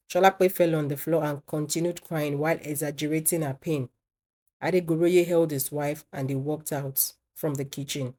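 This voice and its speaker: A woman narrating a scripted story in a measured, plain way. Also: low-pitched, steady tone, mellow.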